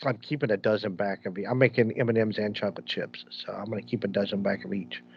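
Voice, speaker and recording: A man's voice: lowish voice, fairly even intonation, quick pace, vocal fry, a little hiss or hum. A man co-hosting a podcast, chatting casually and rambling through stories with many restarts. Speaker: podcast co-host. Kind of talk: casual chat. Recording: dull lo-fi sound.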